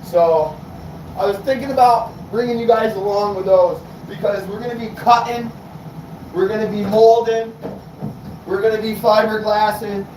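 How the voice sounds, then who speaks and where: A man's voice: high voice, a little mellow, slight background noise, poor audio. A man from New England chatting casually on a livestream, rambling and swearing, fired up. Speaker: car audio livestreamer.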